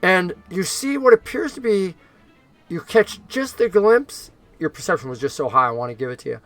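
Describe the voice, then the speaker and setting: A man narrating a tabletop role-playing game as game master, talking in a lively way and jumping into character voices. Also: high voice, normal speed, dry recording, soft background music.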